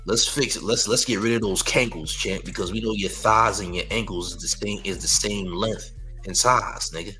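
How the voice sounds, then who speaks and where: A man's voice: lowish voice, fairly even intonation, moderate pace, sharp tone, soft background music, poor audio. A man hosting a live-stream news show, mocking a critic in loose slangy commentary and leaning on "champ" and "you heard".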